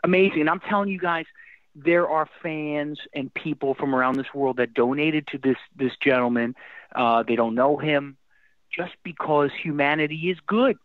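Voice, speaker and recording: Middle-aged man, animated emotional storyteller, lots of restarts, dry phone-like sound. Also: on the high side, moderate pace, dry recording. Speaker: guest musician. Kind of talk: casual interview. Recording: dry tinny phone-like line.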